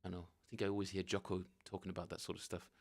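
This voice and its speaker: Low-voiced bassist chatting on a live stream. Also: male voice, little pitch movement, very fast, creaky. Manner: rambling and self-correcting, chuckling often. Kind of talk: casual live-stream chat answering viewers.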